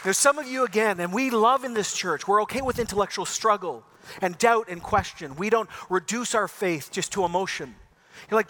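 A man preaching an Easter sermon as pastor, moving from impassioned calls to a quiet, earnest prayer. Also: sits high, expressive, moderate pace, some chatter behind.

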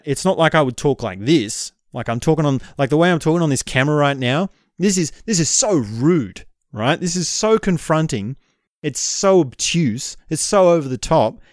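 A man's voice: fairly high pitch, expressive, brisk, dry recording, studio quality. A man talking straight to his own camera in a casual vlog monologue, reflective and rambling, with frequent "right?" asides. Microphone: camera mic.

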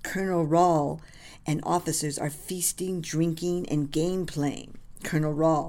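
A woman narrates a scripted historical story, reading scene directions in a measured way. Her voice is low and the pace is very slow and deliberate. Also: fairly even intonation, mellow. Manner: measured, reads stage directions.

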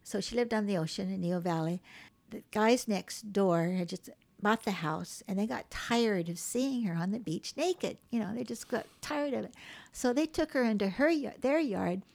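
A woman author from Hawaii telling lively stories about her mother in a casual interview, acting out the voices of the people in them. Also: medium pitch, normal speed, creaky. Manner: animated storyteller acting out quoted voices. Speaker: memoir author, guest.

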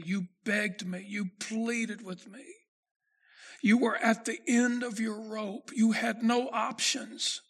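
A man preaching a sermon in a high voice with a gravelly edge. He reads scripture in slow, measured phrases, then presses his points with growing force. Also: a bit bright. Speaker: pastor.

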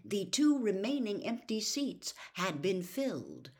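Slow, expressive woman storyteller. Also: mid-range voice. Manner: slow, expressive read-aloud. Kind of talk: audiobook narration.

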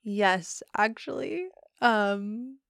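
A woman's voice: mid-range voice, expressive, very slow, vocal fry, a bit bright, no echo, clean studio sound. A woman guest telling a personal story in a casual, rambling way, full of "um" and "like" and frequent laughter. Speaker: interview guest.

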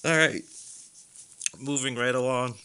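A man hosting a podcast, ranting in a casual comic monologue, swearing often and mocking people in high put-on voices. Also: measured pace, smooth. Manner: animated, profane, laughs often, slips into high mocking voices. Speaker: podcast host.

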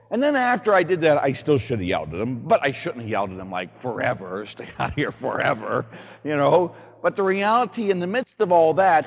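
A man, a priest, giving a homily, telling stories with big swings between hushed, quiet lines and loud shouting. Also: a little high, dull audio. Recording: long hall reverb.

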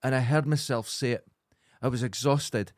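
A man co-hosting a podcast, telling sweary anecdotes in a casual, animated way. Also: mid-range voice, normal speed, no room sound, studio quality. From Scotland. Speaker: podcast co-host. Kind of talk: casual chat, storytelling.

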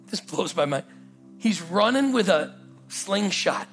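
Animated pastor preaching. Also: male voice, high-pitched, takes it slowly, faint music behind. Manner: animated, acts out the story in voices, calls "come on". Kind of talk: sermon. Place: church auditorium.

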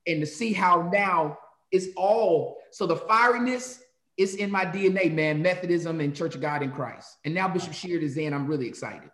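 A man from North Carolina, a pastor telling stories as a guest with a lively preacher's cadence. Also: fairly high pitch, moderate pace, roomy sound. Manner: animated storyteller, shifts into sermon cadence. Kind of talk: conversational interview, preacherly.

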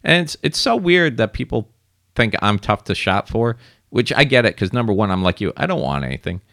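A man in his thirties, co-hosting a podcast in casual chat and telling animated stories. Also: brisk, dry recording, clean studio sound. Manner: animated storytelling, mimics people in high voices. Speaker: podcast co-host.

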